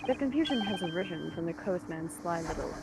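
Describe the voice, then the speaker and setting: A woman's voice: fairly low pitch, animated, a little fast, very noisy. A woman voicing a haughty male prosecutor in a courtroom game, reading stiffly.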